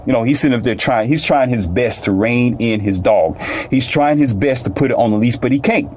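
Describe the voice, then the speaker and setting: A man's voice: mid-range voice, a little fast, a little hiss or hum. A man telling a personal story in casual, colloquial speech, repeating phrases and addressing listeners directly.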